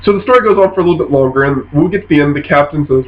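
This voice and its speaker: A man casually telling a funny story from a tabletop game session, jumping into quoted voices with animated bursts. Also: on the high side, racing, slight background noise. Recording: dull lo-fi sound.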